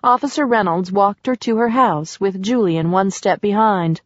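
A woman reading a romance novel aloud in a steady storytelling voice. The recording is dry with a slightly dull tone. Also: mid-range voice, normal speed, dry recording. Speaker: audiobook narrator. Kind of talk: scripted narration.

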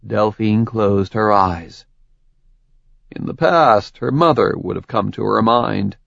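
Male audiobook narrator, gravelly and unhurried, dull dry sound. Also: lowish voice, animated, fairly bright tone, no echo. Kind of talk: scripted narration.

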